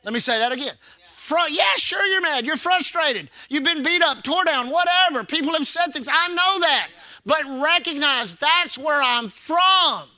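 A man's voice: very high-pitched, expressive, moderate pace, sharp tone, dry recording. A man preaching a sermon as pastor, repeating phrases and calling the congregation to respond. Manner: preaching with call-and-response and repetition.

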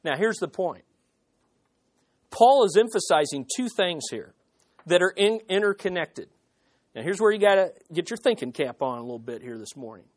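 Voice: medium pitch, animated, normal speed, slightly rough. A pastor preaching an expository sermon, emphatic, with rhetorical questions and short laughs.

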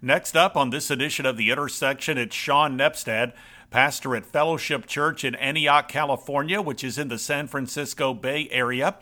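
A man hosting a radio program who reads a scripted guest introduction in a smooth announcer manner. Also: medium pitch, normal speed, bright, forceful tone. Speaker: radio show host.

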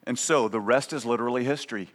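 Guy preaching a sermon, mid-pitched, chatty and emphatic, hall echo behind him. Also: fast. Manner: conversational, emphatic preaching with frequent "right?". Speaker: pastor. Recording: long reverb of a large hall.

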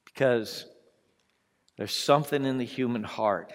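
A man preaching a sermon, acting out voices from the story and swinging between hushed, drawn-out lines and loud ones. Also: mid-range voice, big-room sound.

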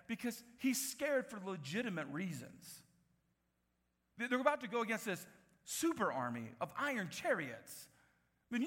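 A man preaching a sermon as pastor, animated, acting out the voices he quotes and dropping from loud bursts to hushed lines. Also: high voice. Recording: reverberant hall.

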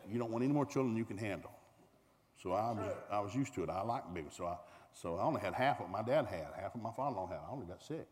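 A middle-aged man with a Southern US accent telling a comic family story to a live audience in a folksy, animated way. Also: quick pace. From American South. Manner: folksy, animated, acts out voices, climbs high when excited. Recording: reverberant hall with faint noise.

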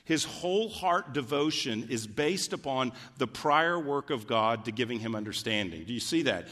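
A man's voice: lively intonation, moderate pace, hardly any pauses, bright, forceful tone. Earnest male preacher in a reverberant hall. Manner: earnest, emphatic, rises in pitch when pleading in prayer. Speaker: pastor. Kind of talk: sermon. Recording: long reverb of a large hall.

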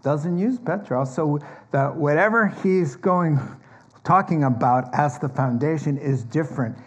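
A man's voice: a little slow, highs cut off. A man preaching a sermon as pastor, earnest and emphatic, explaining scripture step by step in a conversational teaching tone. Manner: earnest, emphatic preaching that climbs higher and louder on key points. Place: church.

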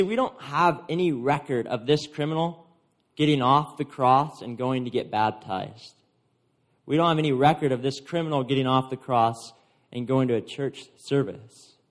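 Man preaching a casual sermon. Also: a little high. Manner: conversational, retelling scripture in everyday words.

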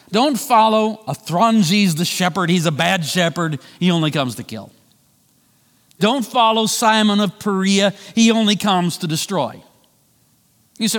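A male pastor delivering a sermon, swinging between loud emphatic lines and quiet drawn-out phrases. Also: in a large hall. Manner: preaching with wide swings of pitch and volume, slowing for emphasis.

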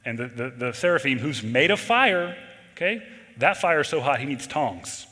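A man preaching a sermon in an earnest way, shifting between loud emphasis and quiet intensity. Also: medium pitch, lively intonation, normal speed, long reverb tail. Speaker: pastor.

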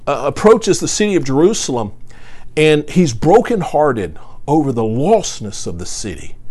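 Male preacher, sermon, animated swooping delivery, earnest, emphatic scripture reading. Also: on the high side.

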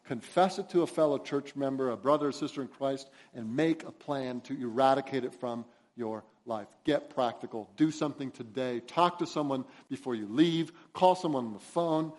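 A man's voice: medium pitch, moderate pace, few pauses, a little mellow. A male pastor preaching a sermon, emphatic and urgent, acting out the voices he quotes. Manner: emphatic, rising to urgent exhortation; acts out quoted voices in his storytelling.

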